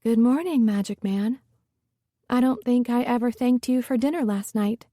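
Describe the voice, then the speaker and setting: A woman voicing a heartfelt young woman in love, earnest and expressive. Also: on the high side, moderate pace, no room sound, clean studio sound, natural voice. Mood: playful.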